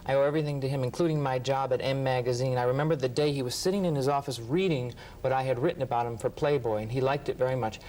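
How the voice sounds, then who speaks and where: Animated male storyteller, mid pitch. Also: fast, hardly any pauses, a little hiss or hum, low-quality recording. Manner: animated, acts out quotes, laughs often. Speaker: interview guest, writer. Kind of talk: anecdotal storytelling.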